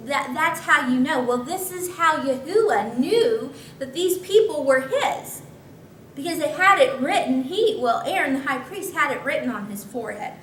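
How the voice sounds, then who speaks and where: A woman's voice: high-pitched, lively intonation, normal speed, fairly bright tone. A woman pastor teaching scripture in a conversational way, with chatty asides. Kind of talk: Bible teaching. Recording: echoey room, mic at a distance, faint noise.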